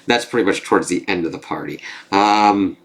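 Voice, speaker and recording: A man's voice: low voice, moderate pace, vocal fry, a bit bright. A man recapping a TV episode in a rambling, casual way, swearing freely and using lots of fillers. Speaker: TV reviewer.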